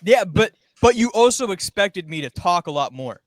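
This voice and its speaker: A man's voice: high voice, very animated, normal speed, no echo. A young man and former podcast intern, telling a rambling story in casual chat and acting out quoted lines.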